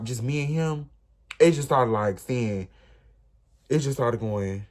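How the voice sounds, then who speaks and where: A man's voice: on the low side, lively intonation, slow, long pauses, a little mellow. A young man, telling an emotional, rambling storytime straight to his viewers. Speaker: vlogger. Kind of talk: storytime vlog.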